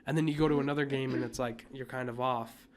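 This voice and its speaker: A young man talks loosely on a podcast, circling back and restarting his sentences. His pitch sits in the middle of the range. The chat is relaxed and unscripted. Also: quick pace. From United States. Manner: rambling, many fillers and restarts, coughs now and then. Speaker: podcast co-host. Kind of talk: casual chat.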